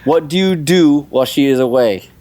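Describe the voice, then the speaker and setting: A man's voice: on the high side, normal speed, dark tone. A man co-hosting a podcast, reading out quiz questions in a dry, teasing way. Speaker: podcast co-host.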